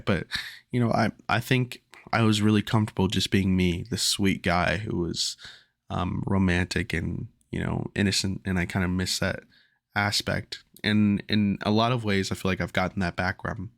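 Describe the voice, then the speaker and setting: A man's voice: low voice, steady tone, moderate pace, creaky, fairly bright tone, dry recording, clean studio sound. A man hosting a podcast, telling a rambling, reflective personal story in a casual way with lots of fillers. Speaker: podcast host.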